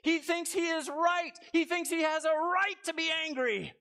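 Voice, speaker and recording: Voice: extremely high pitch, a little slow, sharp tone. A pastor giving a church sermon, reading scripture aloud and then explaining it with rhetorical questions.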